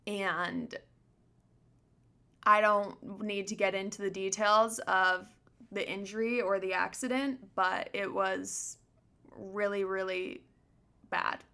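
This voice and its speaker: A woman's voice: mid-range voice, steady tone, slow pace, creaky, sharp tone. A young woman hosting a podcast, sharing a painful personal story in an earnest, reflective way, with many "like" fillers. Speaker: podcast host.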